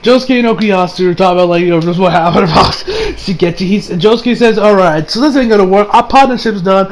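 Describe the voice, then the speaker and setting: High-voiced, rambling male anime reviewer. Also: fast, a little hiss or hum. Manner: rambling, laughing, with frequent profanity and fillers. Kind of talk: casual episode recap.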